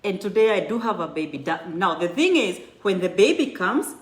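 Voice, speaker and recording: A woman's voice: medium pitch, lively intonation, normal speed. A woman in her thirties giving an earnest, encouraging personal testimony to a church, often restarting her sentences. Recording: echoey room.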